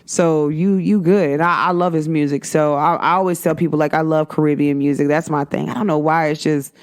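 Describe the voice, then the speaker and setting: A young woman with a low, smooth voice and fairly even intonation speaks briskly while hosting her own show, a casual spiritual vlog. She gives her viewers a chatty spiritual energy read, repeating herself for emphasis and using "like" and "guys" often.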